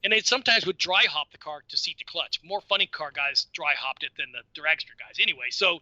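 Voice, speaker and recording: A man in his sixties, a podcast guest telling stories in an animated, casual way and repeating words as he goes. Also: fairly high pitch, fairly quick, dry recording, muffled recording. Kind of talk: casual storytelling.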